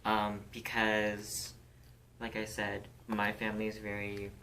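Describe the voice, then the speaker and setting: A woman's voice: a bass voice, monotone, takes it slowly, background noise. A woman co-hosting a casual podcast chat, candid and outspoken, swearing freely as she speaks with conviction. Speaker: podcast co-host.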